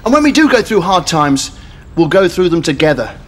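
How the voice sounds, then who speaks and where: A man's voice: sits high, very animated, brisk. A man playing a clingy newlywed husband who gives a sweet, smothering romantic speech. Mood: doting. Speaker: sketch actor. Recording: studio audience laughter, noisy.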